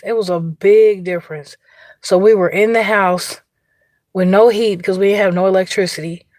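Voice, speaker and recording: A woman's voice: mid-range voice, dry recording. A woman with an Indiana accent telling a story casually on an outdoor livestream, chatty, laughing and greeting viewers by name. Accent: Indiana, US Midwest. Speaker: livestream host.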